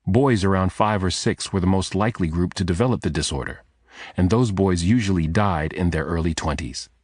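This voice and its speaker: A man narrating a thriller audiobook in a measured, steady storytelling manner. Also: deep voice, slightly rough, dry recording. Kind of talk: scripted narration.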